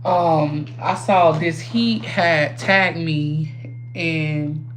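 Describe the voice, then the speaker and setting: A woman hosts a casual livestream while doing her makeup, rambling and chatting, swearing freely and addressing her viewers directly. Her voice is low-pitched and extremely slow, with faint music in the background.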